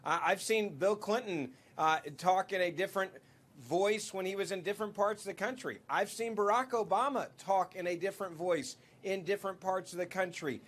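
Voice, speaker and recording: A man's voice: sits high, moderate pace, fairly bright tone. A man arguing on a cable news panel, insistent and interrupting the others. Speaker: panel commentator.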